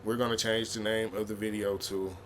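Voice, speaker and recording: A man's voice: on the low side, flat delivery, brisk, slight background noise. A man hosting a reaction video, giving blunt, profane, heated commentary.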